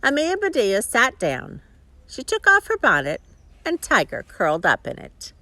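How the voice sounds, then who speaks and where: A woman reading a children's story aloud, expressive, with chuckling asides to her listeners. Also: on the high side, moderate pace, no room sound. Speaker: storybook reader.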